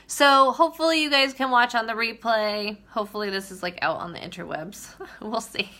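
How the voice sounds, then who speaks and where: Bright-voiced chatty young woman. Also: fairly high pitch, a little fast. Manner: chatty, storytelling with many likes. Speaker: vlogger. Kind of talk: casual livestream chat.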